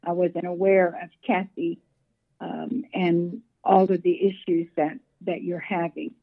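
An older woman interviewed as a guest over the phone, soft-spoken and trailing off. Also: lowish voice, little pitch movement, measured pace, creaky. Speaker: guest elder. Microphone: phone call. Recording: phone line.

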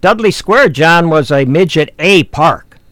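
A man's voice: fairly high pitch, expressive, a little slow, fairly bright tone, dry recording. A man, hosting and telling folksy baseball stories with fillers. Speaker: host. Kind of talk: reminiscing talk show chat.

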